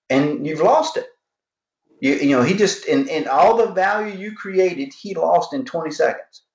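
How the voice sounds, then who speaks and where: A man's voice: high-pitched, big pitch swings, moderate pace. A man coaching salespeople on a live video call, acting out customer dialogues with energy. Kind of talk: live online sales training. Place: home office with alarms. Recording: roomy, dull lo-fi sound.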